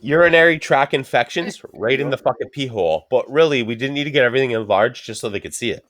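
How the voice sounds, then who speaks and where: A man's voice: mid-range voice, expressive, fast talker, fairly bright tone. A man co-hosting a podcast, riffing crudely and rambling, often acting out quoted people. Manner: profane, rambling, acts out quoted voices. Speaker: podcast co-host. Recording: dry close-mic sound.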